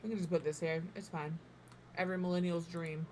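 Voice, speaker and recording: A woman in her thirties with a slightly low voice talks through her building choices in a loose, chatty way, teasing herself as she goes. She sometimes speaks while chewing. A faint hum of room noise sits under her voice. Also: flat delivery, a little fast, a little mellow. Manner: chatty, self-mocking, thinks aloud. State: talking while eating. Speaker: game builder streamer. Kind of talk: casual build commentary.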